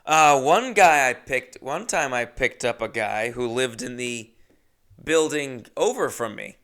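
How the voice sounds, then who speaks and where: Chatty, gravelly comic storyteller guy. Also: mid-range voice, measured pace. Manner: animated, chatty, jokey. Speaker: comedian host. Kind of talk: comedic storytelling monologue.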